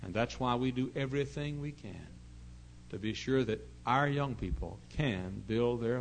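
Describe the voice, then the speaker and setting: A middle-aged man pastor preaching a sermon in an earnest storytelling way, dropping to hushed asides and rising to loud emphasis. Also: medium pitch, measured pace, slight background noise, poor audio. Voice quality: gravelly.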